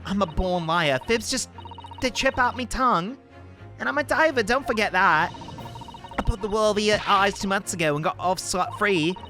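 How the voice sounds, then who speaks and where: A man's voice: high voice, moderate pace, pushed and bright, soft background music, pitched above the performer's own voice. A man voicing a prickly young street girl in a game, with a cockney-tinged, sulky way of talking. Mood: defiant.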